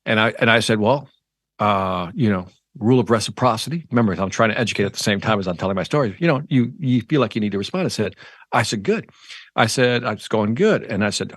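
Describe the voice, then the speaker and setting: A man's voice: on the low side, fast, no room sound, studio quality. A middle-aged man, a sales trainer, telling an anecdote in an interview and acting out its dialogue. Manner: animated, acts out the dialogue in his anecdotes. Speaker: sales trainer and motivational speaker. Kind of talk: storytelling in an interview.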